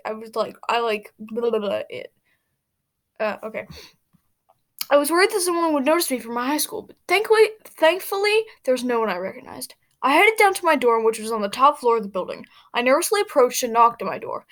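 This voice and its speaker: A woman's voice: a little high, fairly bright tone. A young woman reading a fanfic aloud casually, rambling with fillers and side comments. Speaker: reader.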